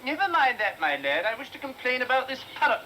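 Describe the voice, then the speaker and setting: A woman's voice: high voice, big pitch swings, fast, sharp tone, heavily acted. A woman voicing an indignant male customer who insists, with exasperation, that his parrot is dead. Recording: noisy stream audio.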